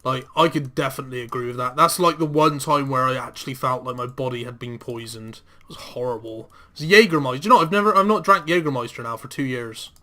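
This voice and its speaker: Bright-voiced young man bantering. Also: mid-range voice, quick pace, hardly any pauses. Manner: sweary, laughing banter. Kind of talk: casual chat.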